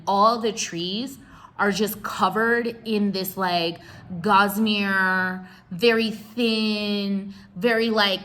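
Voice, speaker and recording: A young woman recounts a trip in a loose, chatty vlog, throwing in slang and asides to her viewers. Her voice is bright and forward, with an everyday pitch. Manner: chatty, animated, slangy, addresses viewers as y'all. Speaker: travel vlogger. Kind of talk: casual storytelling vlog.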